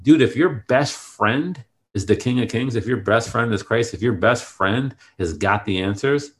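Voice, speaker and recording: A man's voice: medium pitch, expressive, moderate pace. A man talking casually and earnestly about faith, with many fillers and restarts.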